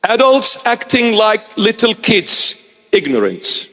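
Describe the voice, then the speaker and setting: Male preacher, high-pitched, emphatic and repetitive, long church echo. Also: big pitch swings, slow pace, sharp tone. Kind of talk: sermon. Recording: long reverb of a large hall.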